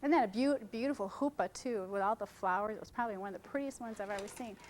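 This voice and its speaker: A woman's voice: mid-range voice, quick pace, rough recording. A middle-aged woman giving a casual seminar to photographers, chatty and joking, jumping from topic to topic. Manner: chatty, jumps between topics, jokes with audience. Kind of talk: informal seminar talk to photographers. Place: conference room.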